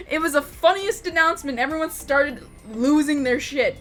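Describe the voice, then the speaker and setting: Woman storyteller, high voice, loose unscripted rambling with heavy swearing, faint music under. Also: normal speed, a bit bright. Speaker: YouTube storyteller, game master.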